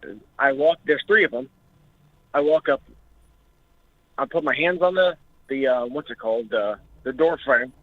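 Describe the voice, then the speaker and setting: Pausing often, the caller talks at a moderate pace in a medium-pitched voice, the recording dry and coming through a tinny phone. He is a young man recounting an experience on a call-in show, emotional, jittery and swearing often.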